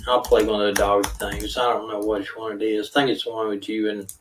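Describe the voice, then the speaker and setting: A man's voice: on the low side, level tone, fast talker, recorded from a distance, a little hiss or hum. A man hosting a live stream in an easygoing, rambling way, with plenty of filler words. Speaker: live stream host, retired detective. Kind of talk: casual live stream sign-off. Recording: echoey room, voice off-mic.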